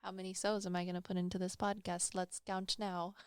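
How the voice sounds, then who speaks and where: Smooth-voiced woman telling her stories. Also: mid-range voice, flat delivery, brisk, no room sound. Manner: rambling, self-deprecating, chatty. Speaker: podcast co-host and psychic medium. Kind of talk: casual podcast storytelling. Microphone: studio microphone.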